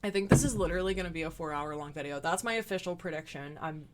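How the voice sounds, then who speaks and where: A woman's voice: deep voice, quick pace. A young woman recording a casual commentary video at home, talking with sarcastic asides, her voice a little tired. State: voice getting tired. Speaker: commentary YouTuber. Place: at home in front of a camera.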